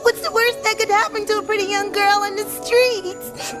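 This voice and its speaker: A woman voicing a gentle, polite, well-spoken young girl who ran away from uptown, in an animated sitcom. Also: extremely high pitch, moderate pace, loud music behind the voice. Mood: sweet.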